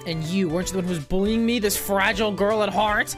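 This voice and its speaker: A woman's voice: mid-range voice, quick pace, close to an everyday voice. A woman voicing a grumpy, nagging elderly woman security guard who rambles and scolds, reading game dialogue aloud on stream. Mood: self-pitying. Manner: rambling, scolding, complaining about youth. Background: game music.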